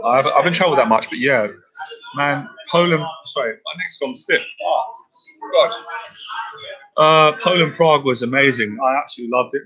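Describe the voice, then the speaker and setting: A man's voice: medium pitch, fairly bright tone, dull audio. A man answering viewers' questions in a casual live-stream Q&A as a dating coach, talking in an earnest, direct way and calling them guys.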